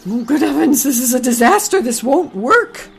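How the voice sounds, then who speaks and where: A woman voicing a fussy, panicky mother goose in a storybook reading, with shrill exclamations. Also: animated, normal speed. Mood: distressed.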